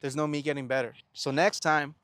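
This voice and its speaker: A man's voice: a little high, little pitch movement, fairly quick, a bit bright, smooth, no room sound. Earnest young man, dry close sound. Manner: earnest, asks rhetorical questions and answers them; stammers and restarts words. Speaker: self-help vlogger. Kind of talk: reflective motivational monologue.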